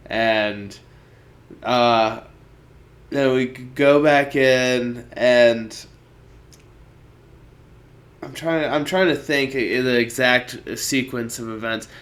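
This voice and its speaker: A man's voice: mid-range voice, drawn-out words, long pauses. A man co-hosting a podcast, telling a story in casual chat and acting out the people in it. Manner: animated, acts out the people in his story. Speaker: podcast co-host.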